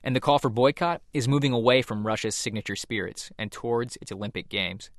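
A man reporting a scripted radio news piece in a measured, even delivery. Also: medium pitch, no echo.

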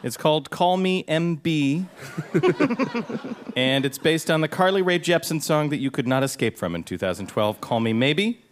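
A man's voice: a little high, sing-song, a little slow. A man who is the house musician and co-host of a quiz show, bantering with a wry, self-mocking humor. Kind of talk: quick, joking quiz banter between songs. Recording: live show with loud guitar.

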